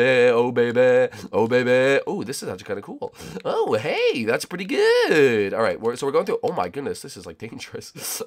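A young man giving excitable, rambling commentary as he plays a game with friends, often shouting "oh, baby". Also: mid-range voice. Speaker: gaming YouTuber. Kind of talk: excited let's-play commentary.

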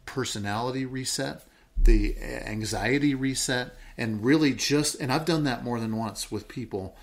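A man co-hosting a casual podcast chat, explaining his ideas through work stories. Now and then he slows right down into a low, calm, downward-falling voice to show it off. His voice sits at an ordinary pitch for a man. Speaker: podcast co-host.

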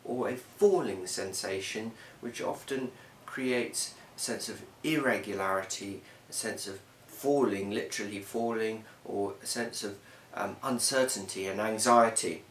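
Slow, low-voiced man teaching in a roomy space. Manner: measured, with frequent ums. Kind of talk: explanatory lesson. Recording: roomy, from a distance, faint hiss.

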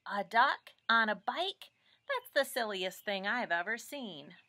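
A woman's voice: medium pitch, sing-song, takes it slowly, bright, forceful tone, heavily acted. A woman voicing a skeptical female cow in a children's picture book, with amused disbelief. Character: unimpressed female farm cow.

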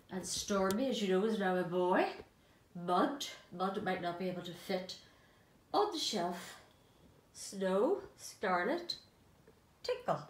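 An older woman chats to her viewers in a rambling, affectionate way, a little short of breath. Her voice sits at a middle pitch. It echoes around a room in her apartment. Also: slight background noise. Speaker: doll collector vlogger. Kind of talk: casual chatty vlog.

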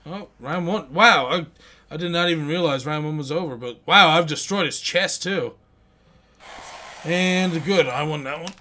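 A man hosting a video game let's-play, with excitable, crude joking commentary. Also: a little high, normal speed, slight background noise. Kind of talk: gameplay commentary. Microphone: headphones on, home setup.

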